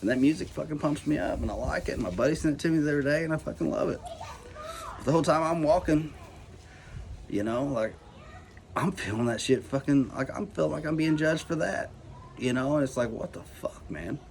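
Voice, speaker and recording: Talking to his camera about anxiety, a vlogger rants casually in a slightly high, gravelly, somewhat mellow voice at a little-fast clip. Expect heavy swearing, rambling, and nonstop "like" and "you know." The recording carries a noisy background hiss.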